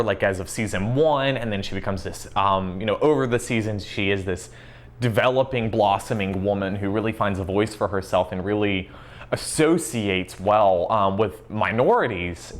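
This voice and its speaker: Guy with a lowish voice, chatty fan rant, lots of ums and swearing, laughs a lot. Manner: swears freely, laughs often, many ums. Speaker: interviewee, show fan. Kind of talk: casual chat.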